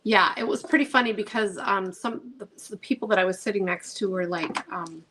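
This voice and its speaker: A woman's voice: mid-range voice, steady tone, fairly quick, few pauses, fairly bright tone, poor audio. A middle-aged woman, a craft channel host chatting casually while she paints, gushing storyteller with many ums.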